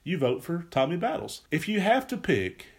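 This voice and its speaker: A man's voice: on the high side, sing-song, normal speed. A young man giving a solo political commentary rant, sarcastic, scornful and full of swearing.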